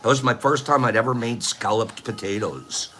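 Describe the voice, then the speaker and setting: A man's voice: mid-range voice, normal speed, a little hiss or hum. An older man hosting a casual live-stream chat, telling stories and laughing often as he acts out the people in them. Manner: chatty, laughs often, tells stories with animated quoting. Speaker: vlog host.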